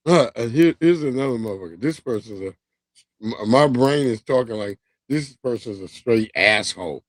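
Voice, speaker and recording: A man's voice: mid-range voice, expressive, normal speed, no room sound. A man hosting a livestream, talking in a loose, profane, slangy way and laughing as he tells stories. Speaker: livestream host. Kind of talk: casual commentary monologue.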